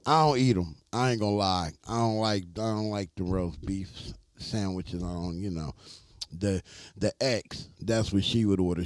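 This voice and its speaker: A man hosting a live reaction stream, chatting casually, joking and shouting out viewers in his chat. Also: low-pitched, no room sound.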